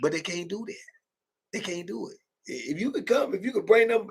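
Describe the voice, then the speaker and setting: A man's voice: sits high, lively intonation, fairly quick, gravelly, husky. A middle-aged man hosting a late-night live chat, telling stories in street slang, repeating himself and laughing often. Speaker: host.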